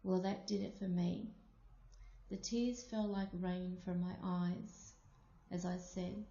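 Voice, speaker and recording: A woman from Australia telling a personal story aloud, slow and deliberate. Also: on the low side, steady tone, dark tone. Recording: muffled, echoey room.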